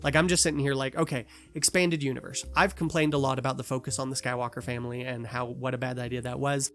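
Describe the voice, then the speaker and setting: A man co-hosting a casual podcast chat, animated and quick to slip into mock voices to make a point. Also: medium pitch, soft background music. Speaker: podcast co-host.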